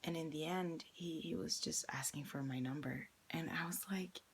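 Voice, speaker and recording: A woman's voice: low voice, normal speed, hardly any pauses, husky. A young woman candidly recounting a personal experience in a vlog, acting out the quoted lines as she retells them. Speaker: vlogger.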